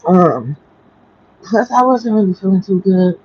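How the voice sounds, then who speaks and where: A woman's voice: mid-range voice, animated, unhurried, darkish tone, lo-fi sound, slight background noise. A woman who has just woken up, telling a rambling story on a casual morning livestream from home and keeping her voice down. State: just woke up. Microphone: headphones with mic.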